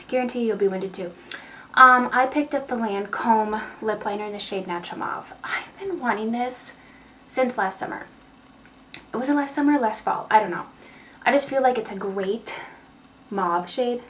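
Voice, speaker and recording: Chatty female vlogger, slightly high voice, faint background noise, rambling home haul talk. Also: moderate pace. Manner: chatty, rambling, with fillers and small laughs. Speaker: beauty vlogger. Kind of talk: casual haul video chat.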